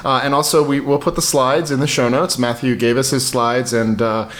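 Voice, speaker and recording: A man co-hosting a podcast, chatting casually and quickly with many restarts. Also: medium pitch, steady tone, fairly bright tone. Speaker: podcast co-host. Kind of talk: casual chat.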